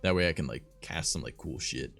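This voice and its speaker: A man's voice: extremely low pitch, fairly quick, creaky, fairly bright tone, soft background music. A young man hosting a livestream, telling stories in a rambling, profane, filler-heavy casual way. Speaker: streamer host.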